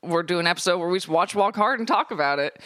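A podcast co-host in casual chat, throwing in quick reactions, playful asides and the odd interjection. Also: medium pitch, lively intonation, fairly bright tone, no room sound, studio quality.

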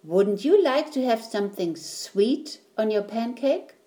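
A kindly storybook mother, patient and calm, talking her child through each step. A woman reads her in a slightly raised voice, unhurried. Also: on the high side. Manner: calm, instructive.

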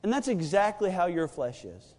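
A man in his thirties preaching a sermon, telling a family story with animated, acted-out quotes. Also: high voice, normal speed, long reverb tail. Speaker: pastor.

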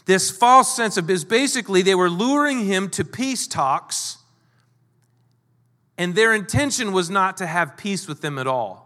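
A man preaching a sermon, lively and conversational, acting out the lines of the people in his story. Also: sits high, a little slow, big-room sound. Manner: animated, acts out quoted lines. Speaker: pastor.

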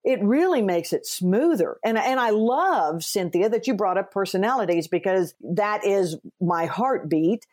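A woman hosting an interview, an author who tells lively stories, acts out quoted dialogue and speaks earnestly from her faith. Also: mid-range voice, measured pace, few pauses. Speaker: podcast host and author. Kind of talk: conversational interview.

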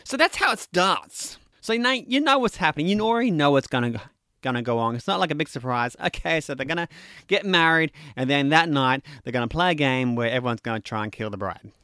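A man's voice: a little high, lively intonation, quick pace, pushed and bright, clean tone, dry recording, clean studio sound. A man casually reviewing a horror comedy film, rambling with lots of fillers and briefly acting out the scenes he describes. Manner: rambling, filler-heavy, acts out scenes in quotes. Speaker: movie reviewer.

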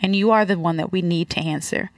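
A woman giving a reflective faith testimony, searching for words with many halting restarts. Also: lowish voice, no room sound, clean studio sound. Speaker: guest.

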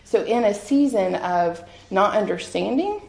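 A woman's voice: mid-range voice, animated, a little slow, vocal fry, a little mellow. A woman shares her personal testimony before a church audience. She speaks earnestly and from the heart, often laughing at herself. Her voice rings out in a roomy, echoing hall. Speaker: guest speaker sharing testimony.

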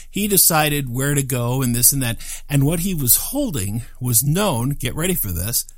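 An older man spins a personal anecdote, his mid-range voice rising and falling with lively swings of pitch. He tells it with self-deprecating humor and chuckling asides, recorded dry and close with no room sound. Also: no echo. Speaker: storyteller. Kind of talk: personal storytelling.

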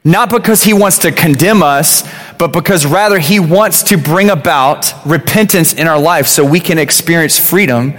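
Conversational preacher in an echoing hall. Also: male voice, fairly high pitch, normal speed, fairly bright tone. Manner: conversational, repeats words, many "you know" fillers. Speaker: pastor. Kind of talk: sermon. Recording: long reverb of a large hall.

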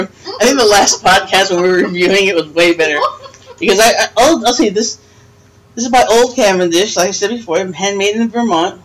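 A woman's voice: medium pitch, fairly quick, low-quality recording. An older woman talks casually as a podcast host, rambling in a friendly, teasing way. She laughs often between thoughts and keeps the chat loose and unscripted. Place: friend's house, dim room.

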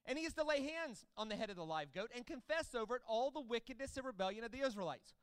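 A man preaching a sermon, teaching with animated delivery that swells into loud proclamations. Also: very high-pitched, fast, clear, resonant tone, no echo. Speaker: pastor.

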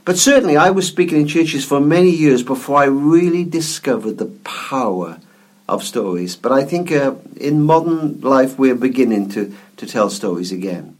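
A man of middle pitch tells a story in an interview with a soft, reflective manner. He often repeats a word before moving on, in the easy rhythm of a practised speaker. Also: lively intonation, normal speed. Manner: gentle, reflective storyteller who repeats words as he goes. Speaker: guest author and speaker.

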